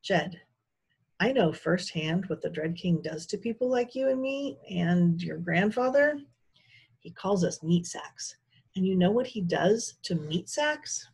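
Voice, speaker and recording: A woman's voice: fairly low pitch, lively intonation, a little slow, creaky, a little mellow, slightly rough, heavily acted. A woman voicing a weary, wounded ship captain, a man who speaks grave and stern.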